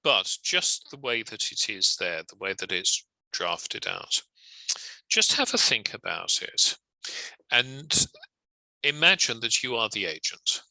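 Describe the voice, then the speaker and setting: Gravelly, crisp-voiced male legal trainer. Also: fairly low pitch, sing-song, pushed and bright, dry recording, low-quality recording. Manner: measured, wry, conversational explaining. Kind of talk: recorded lecture.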